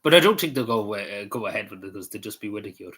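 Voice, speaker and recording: An Irish man rambles through casual vlog commentary, his voice bright and forceful in tone and sitting a little low in pitch. He wanders between thoughts, drops in swear words without a second thought and fills the gaps with ums and you-knows. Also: lively intonation, racing, breathy edge. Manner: meandering, swears casually, lots of fillers. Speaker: vlogger.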